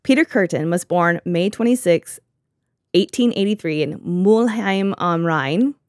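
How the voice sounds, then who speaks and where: A woman's voice: fairly low pitch, measured pace, no room sound. A woman hosting a podcast in casual chat, sarcastic and often laughing, on a close mic. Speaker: podcast host.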